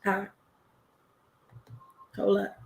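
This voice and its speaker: A woman battle rapper being interviewed on a video call, talking in a relaxed, unhurried way with restarts and fillers. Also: reverberant, poor audio. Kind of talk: casual interview.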